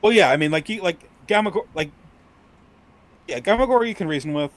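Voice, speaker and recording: A man co-hosting a podcast, chatting casually in a halting way with plenty of fillers. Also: high voice, animated. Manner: halting, filler-heavy, lots of "like". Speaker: podcast co-host. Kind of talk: casual chat.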